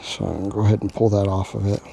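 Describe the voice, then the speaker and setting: A man's voice: fairly low pitch, little pitch movement, rapid-fire, gravelly, warm tone, slight background noise. A man talking casually outdoors as he cooks for his vlog, chatty and jokey, talking to himself as he works. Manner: chatty, jokey, talks to himself while working. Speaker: outdoor cooking vlogger. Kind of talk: casual cooking vlog chat. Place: outdoors at a camp cooking spot.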